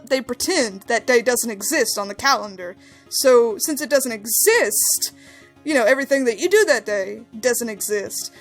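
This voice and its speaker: A young woman hosting a casual game discussion, telling stories with animated, high exclamations. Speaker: host. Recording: faint background music.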